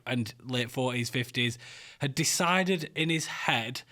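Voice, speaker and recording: A man's voice: medium pitch, unhurried, sharp tone. A man hosting a podcast, chatting loosely with many "like" and "you know" fillers. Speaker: podcast host. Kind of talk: casual interview chat.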